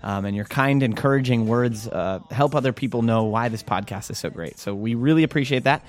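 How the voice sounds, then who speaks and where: A man's voice: medium pitch, fairly quick. A man co-hosting a podcast in casual chat, jokey and rambling with fillers. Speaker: podcast co-host.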